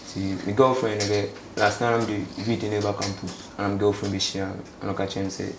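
A young man from Ghana gives a casual interview in a low, flat voice. He speaks haltingly and repeats himself, mixing English with local words. The recording has an echo and faint background noise. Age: young adult.

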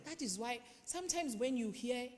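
A woman preacher, delivering an animated sermon that swings between quiet and loud passages and acts out people in her congregation. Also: on the high side, normal speed. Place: large church hall. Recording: long hall reverb.

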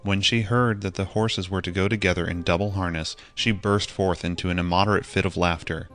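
A man narrating a children's audiobook in a steady, measured reading. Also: low-pitched, soft background music. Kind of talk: scripted storybook narration.

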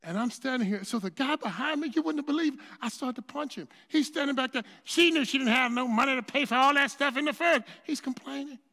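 A man with a very high voice preaches in a church, telling a story casually with restarts and rising to shouts. His voice rings out with a long hall reverb behind it. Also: a little fast, creaky, few pauses. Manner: builds to shouting crescendos; conversational storytelling with many restarts. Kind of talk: storytelling sermon. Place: church sanctuary.

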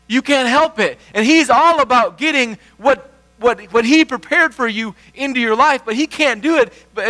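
A man's voice: very high-pitched, pushed and bright. A middle-aged man preaching a sermon as pastor, rambling through folksy asides and then building to emphatic, repeated phrases.

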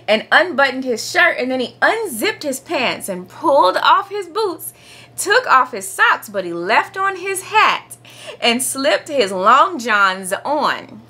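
A woman reading a picture book aloud for children as a storytime host, playful and animated, acting out sound-effect words. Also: sits high, breathy edge. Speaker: storytime reader.

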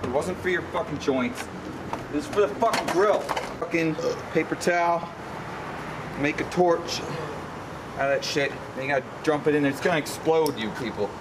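A man's voice: a little high, normal speed. A young man hosting a crude comedic cooking demo, swearing constantly as he gives brash instructions. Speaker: cooking show host. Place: kitchen and backyard grill. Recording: echoey home video with background noise.

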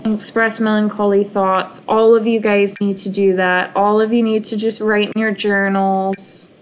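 A woman's voice: mid-range voice, level tone, a little slow, soft background music, low-quality recording. A young woman giving casual, emotional commentary while playing a life-simulation game, often sighing over sad moments. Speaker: gaming video creator. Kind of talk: casual let's-play commentary.

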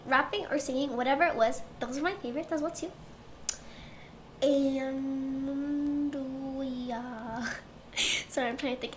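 High-voiced woman with a stuffy nose. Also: slight background noise. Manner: gushing, excitable fan chatter. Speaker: reaction video host. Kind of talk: casual reaction vlog. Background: loud pop music playing.

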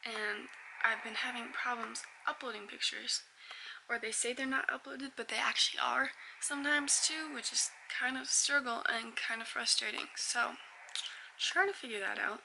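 A woman's voice: fairly high pitch, fairly even intonation, moderate pace, creaky, background noise. A woman in her twenties, a young mother chatting casually to camera in a home vlog, sometimes slipping into sing-song baby talk. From United States. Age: 20s. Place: home indoors.

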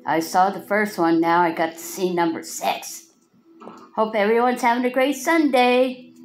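A woman's voice: medium pitch, fairly even intonation, measured pace, soft background music. A Canadian woman making a casual home vlog, cooing at a cat in sing-song baby talk. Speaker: vlogger.

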